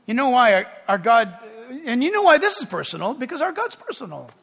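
A man preaching a sermon as pastor, animated, shouting out quoted crowds and joking with the congregation. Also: extremely high pitch, brisk, vocal fry, slightly rough, in a large hall. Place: church sanctuary.

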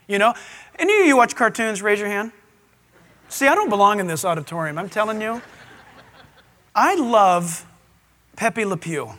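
A man preaching a sermon to a live audience in a large auditorium, animated, with playful asides. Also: high voice, moderate pace, long pauses, in a large hall. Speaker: pastor.

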